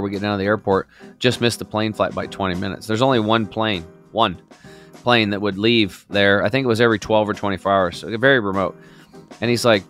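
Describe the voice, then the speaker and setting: A man in his fifties, a podcast guest, telling his story in a lively, outgoing way with plenty of fillers. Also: fairly low pitch. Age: 50s. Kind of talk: casual storytelling.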